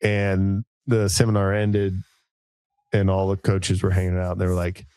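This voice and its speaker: Southern man, co-host, folksy animated storyteller, dry close mic. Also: sits low, unhurried, clean tone, no room sound. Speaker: strength coach and co-host. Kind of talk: casual podcast banter and storytelling.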